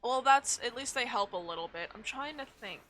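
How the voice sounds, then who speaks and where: A woman's voice: on the high side, expressive, brisk, a bit bright. A young woman streaming a game, chatting casually in a blunt, rambling way with frequent swearing. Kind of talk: casual chat while gaming.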